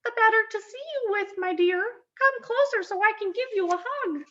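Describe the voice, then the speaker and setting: A woman's voice: moderate pace, pushed and bright. A woman doing a wolf faking a scratchy granny. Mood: sly sweet. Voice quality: scratchy, high. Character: male wolf faking a scratchy old grandmother. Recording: dull lo-fi sound.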